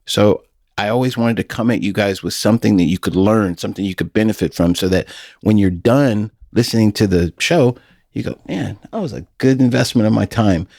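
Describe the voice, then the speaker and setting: A middle-aged man hosts a casual podcast with a folksy, storytelling way of talking. His voice sits low and sounds dry and close to the mic. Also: fairly quick, vocal fry, darkish tone, dry recording. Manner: folksy, storytelling, laughs often. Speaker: podcast host.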